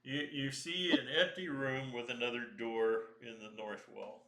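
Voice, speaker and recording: A man narrating as the dungeon master of a tabletop game, slow and halting, with fillers. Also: mid-range voice, animated, a bit bright. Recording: echoey room.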